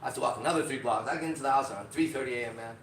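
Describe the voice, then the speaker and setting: A man hosting a podcast, telling a story in a casual, profane and animated way, acting out other people's lines. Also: mid-range voice, very fast, a little hiss or hum. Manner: profane, animated, acts out quotes. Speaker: podcast host. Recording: roomy, distant from mic.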